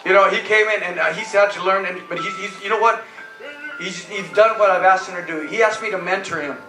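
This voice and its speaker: A man's voice: high voice, steady tone, a little fast. A man preaching to a congregation as pastor, telling a story with quoted dialogue and lots of repeats. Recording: roomy hall, mic far off, music behind.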